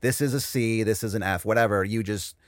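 A man's voice: on the low side, brisk, no room sound, clean studio sound. A man from Northern Virginia, a stand-up comedian guesting on a podcast, telling stories in casual chat with many "like" fillers. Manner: animated storyteller, many "like" fillers.

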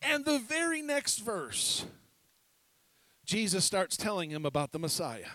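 A man preaching a sermon as pastor, animated, swinging between loud and hushed passages. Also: high voice, unhurried, no echo.

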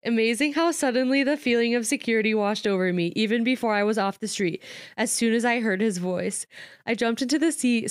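A woman's voice: a little high, clear, resonant tone, no echo, studio quality. A woman reading a novel aloud, often stopping to retell it casually with lots of "like" and frequent laughs. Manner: reads a novel aloud, breaking off to paraphrase with lots of "like". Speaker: reader and commentator. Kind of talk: casual read-aloud with chat.

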